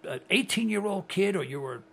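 An older host talks on the radio in an easy, joking way, punching certain words for effect. The voice is mid-pitched and a little husky. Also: lively intonation, brisk, fairly bright tone. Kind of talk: casual radio chat.

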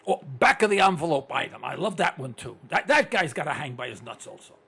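An older man hosting a talk radio show, ranting in a blunt, excitable monologue. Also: a little high, brisk, gravelly, slightly rough. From United States.

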